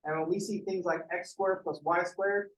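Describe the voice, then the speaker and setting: A man's voice: high-pitched, fairly even intonation, normal speed, a bit bright, low-quality recording. A man teaching a math class, lecturing casually and going off on joking, rambling asides to his students in a classroom. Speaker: math professor.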